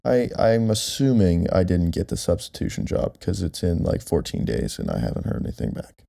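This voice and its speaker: Young guy, deep gravelly voice, loose rambly co-host, close mic at home. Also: very animated, normal speed, mellow, dry recording. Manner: rambling, self-deprecating, many fillers. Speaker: podcast co-host. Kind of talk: casual chat. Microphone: close directional mic.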